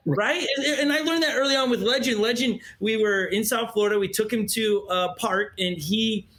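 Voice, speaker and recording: A man's voice: high voice, moderate pace, fairly bright tone. A man hosting an interview, talking animatedly, acting out quotes and often restarting his sentences. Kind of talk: candid interview conversation.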